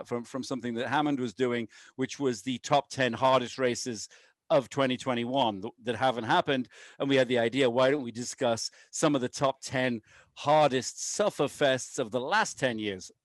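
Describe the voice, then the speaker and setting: A man's voice: mid-range voice, fairly even intonation, moderate pace, dry recording. A man co-hosting a podcast in loose, rambling, self-mocking chat, talking while on painkillers after having his wisdom teeth out. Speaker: podcast co-host, race director.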